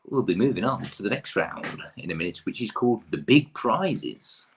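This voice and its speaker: A man from the UK with a low, slightly husky voice, hosting a casual online pub quiz. He reads out questions and then wanders off into chatty, self-deprecating tangents. He sounds relaxed and unhurried.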